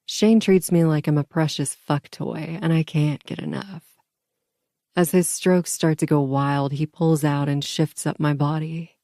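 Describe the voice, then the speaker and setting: A woman's voice: sits low, fairly even intonation, a little slow, dark tone, no echo, clean studio sound. A woman narrating a first-person audiobook in an intimate, murmuring manner.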